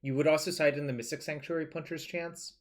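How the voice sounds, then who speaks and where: A man's voice: a little high, fairly even intonation, fast talker. A man streaming a card game, talking loosely and casually, thinking aloud and swearing now and then. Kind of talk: casual live-stream commentary.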